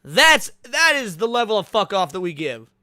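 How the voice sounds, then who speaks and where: A man hosts a livestream with loose, profane commentary, stretching words out for effect. His voice sits very high for a man and sounds sharp and bright. The sound is dry and close. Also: no room sound. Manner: profane, excitable, drawn-out for emphasis. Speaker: livestream host.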